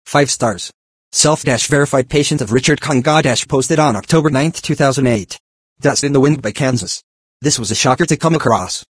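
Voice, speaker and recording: A computer-generated male voice reading text aloud in an even, mechanical way, speaking symbols and punctuation as words. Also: medium pitch, moderate pace, slightly rough, no room sound. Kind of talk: synthetic text-to-speech reading.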